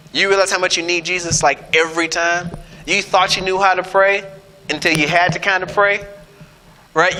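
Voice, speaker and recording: A male pastor preaches with a high, bright voice, joking and animated as he keeps checking in with his listeners. His voice rings with a long reverb through a church hall. A faint noise sits underneath. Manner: joking, animated, keeps asking the crowd "right?". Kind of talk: sermon.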